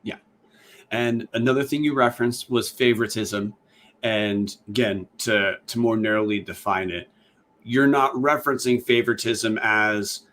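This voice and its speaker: A man with a fairly low voice co-hosts a sports podcast. He asks long, winding questions, stopping to rephrase and correct himself partway through. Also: steady tone, moderate pace, fairly bright tone, slight background noise. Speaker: podcast co-host. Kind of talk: podcast interview.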